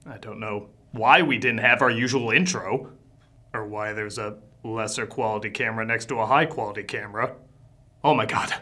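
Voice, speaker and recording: A man hosting a comedic film review, sarcastic and exasperated, breaking into shouted outbursts. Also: lowish voice, fairly even intonation, normal speed.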